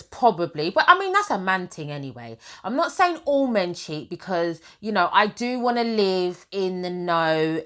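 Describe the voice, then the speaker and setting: A woman a slightly low voice chats casually to camera, sharing her opinions. She talks emphatically, stacks up long lists, and slips into her talk. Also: fairly bright tone. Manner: chatty, emphatic, piles up lists. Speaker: gossip vlogger.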